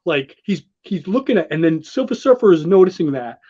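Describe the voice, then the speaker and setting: A high-pitched man talks in an excitable, gushing ramble, often restarting his sentences. The sound is dull and lo-fi. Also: brisk. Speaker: show host walking through a comic. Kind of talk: enthusiastic casual commentary.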